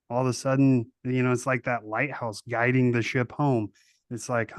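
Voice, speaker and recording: Dude hosting a podcast, chill slangy talk, lots of "you know", dry sound. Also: male voice, medium pitch, level tone, moderate pace, clear, resonant tone, no room sound. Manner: laid-back and slangy, with lots of fillers. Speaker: podcast host. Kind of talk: casual interview chat.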